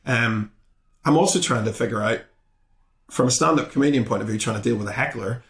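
A man's voice: medium pitch, brisk. Man, roomy echo. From Belfast, Northern Ireland. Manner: animated retelling, acting out both sides of the exchange; casual with frequent swearing. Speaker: guest comedian. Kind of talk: conversational storytelling in a podcast interview.

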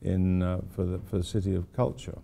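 A man's voice: deep voice, level tone, brisk, gravelly, dark tone. An older man giving an informal architecture lecture to students, rambling with wry, self-deprecating asides. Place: lecture hall at a university.

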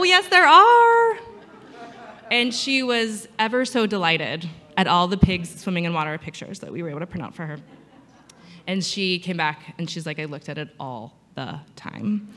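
A woman's voice: fairly low pitch, fairly bright tone. A woman physical therapist giving a conference talk, telling patient stories and acting out the quotes. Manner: storytelling with acted-out quotes. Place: conference hall. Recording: long hall reverb.

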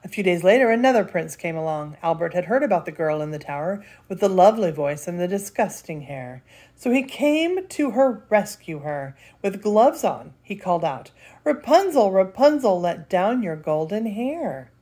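Expressive older woman reading a storybook. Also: lowish voice, moderate pace. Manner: expressive, laughs between lines. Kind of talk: reading a picture book aloud.

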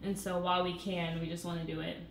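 A woman's voice: lowish voice, little pitch movement, fast talker, echoey room, a little hiss or hum. A woman in her late twenties with a slight Southern country accent, co-hosting a casual live Q&A and chatting with frequent laughs. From Virginia, USA. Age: 20s. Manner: chatty, laughs often, trails off mid-sentence. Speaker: co-host of a couple's channel.

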